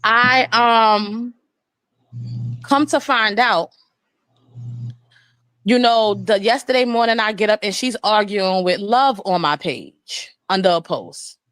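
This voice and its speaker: A grown woman live-streaming, telling a long story in a blunt, profane and indignant way, with rapid run-on retelling. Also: medium pitch, fairly bright tone. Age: adult.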